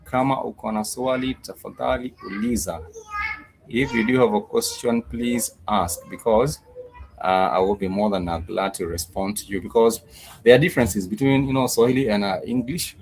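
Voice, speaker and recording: A man teaching a Swahili lesson online, patiently repeating words and drilling them slowly, with plenty of fillers and restarts. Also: lowish voice, a little mellow, slight background noise, rough recording.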